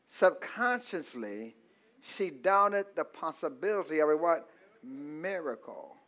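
A man a sermon, calling for amens and swinging between shouted peaks and soft low asides. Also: animated, takes it slowly. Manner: call-and-response preaching, asks congregation for amens. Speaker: preacher.

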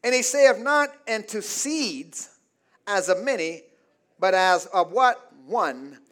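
A man preaching a call-and-response sermon as pastor, calling for amens, prompting the congregation to fill in words and building to shouts. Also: high-pitched, lively intonation, takes it slowly. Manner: preaching with calls of "say amen, somebody" and rising shouts. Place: church.

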